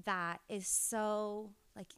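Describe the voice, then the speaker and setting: A woman's voice: mid-range voice, fairly even intonation, very slow, fairly bright tone, clear, resonant tone, no echo. A young adult woman co-hosting a podcast, chatting casually and telling stories animatedly with frequent laughter. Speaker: podcast co-host. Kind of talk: casual chat.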